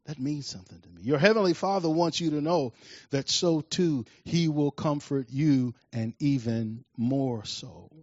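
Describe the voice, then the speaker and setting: Male preacher from Washington, D.C., fairly high voice, animated storytelling, dry and dull sound. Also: a little slow, no room sound. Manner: animated storytelling, acts out scenes loudly; drops to soft quiet tone on reflections. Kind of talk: sermon with personal storytelling.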